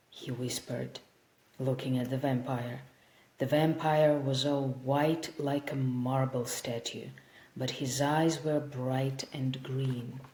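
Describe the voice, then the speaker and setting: A woman narrating an audiobook in a slow, careful storybook reading style. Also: extremely low pitch, warm tone. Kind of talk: scripted narration. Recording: roomy echo.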